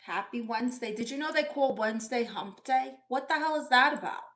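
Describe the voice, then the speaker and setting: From her bedroom, a woman does a comedy livestream as a sassy, doting middle-aged aunt, greeting viewers and reading the chat aloud with big vocal swoops. Her voice is on the high side, fairly bright and close to everyday, and she talks a little fast. She comes across as chatty.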